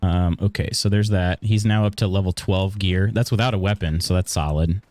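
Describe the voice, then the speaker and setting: Deep-voiced man chatting through a game stream. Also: moderate pace, no echo. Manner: relaxed, chatty, thinks aloud while playing. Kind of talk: casual live-stream gaming chat.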